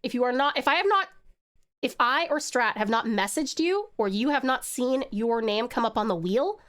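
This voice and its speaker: Woman, livestreamer and artist, casual chatty drawing stream, rambling, talks to chat, slightly high voice. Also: animated, moderate pace, a bit bright. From Tasmania, Australia.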